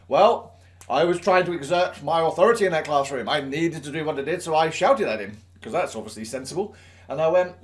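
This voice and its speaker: A man's voice: fairly high pitch, a little fast. A man, a teacher, telling a self-mocking anecdote from his teaching life. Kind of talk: storytelling anecdote.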